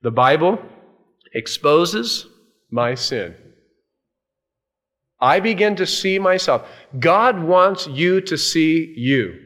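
Male pastor, slightly raised pitch, expressive storytelling sermon delivery. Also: takes it slowly, pauses often. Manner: animated storytelling, dropping to hushed tones for emphasis.

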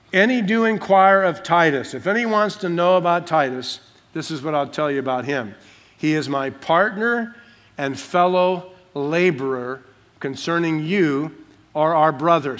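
A man's voice: a little high, fairly bright tone. A man preaching a sermon, working through a Bible passage verse by verse and repeating phrases for stress, in a church sanctuary. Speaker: pastor.

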